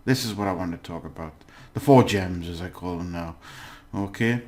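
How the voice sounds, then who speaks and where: Low-voiced man teaching a casual lesson. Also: a little mellow. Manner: patient, often checking in with "okay?" and pausing with "uh". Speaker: language teacher. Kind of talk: casual recorded lesson recap.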